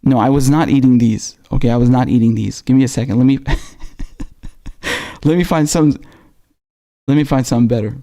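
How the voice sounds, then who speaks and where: A man with a raspy voice hosting a live stream, talking casually and slangily with halting restarts as he reads out viewer messages. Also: medium pitch, dark tone. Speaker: livestream host.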